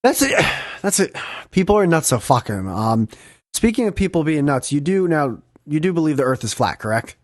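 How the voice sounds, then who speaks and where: Young male podcast host, excitable and profane, higher voice, dry close sound. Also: moderate pace, dry recording. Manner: swearing, excitable, laughs often. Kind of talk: casual storytelling chat.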